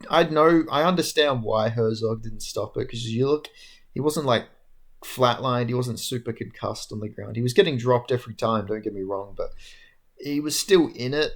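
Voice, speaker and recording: A man's voice: medium pitch, moderate pace. Tired, rambling young man recapping fights. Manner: rambling, swears casually, frequent fillers. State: tired, yawning. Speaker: MMA commentator recapping fights. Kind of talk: casual solo recap talk.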